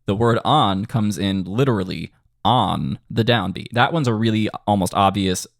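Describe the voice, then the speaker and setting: A man teaching melody writing in a casual tutorial, animated and quick, now and then singing bits of lyrics. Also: fairly low pitch, vocal fry, no room sound, clean studio sound. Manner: animated, quick bursts, sings snippets of lyrics. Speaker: music composition teacher.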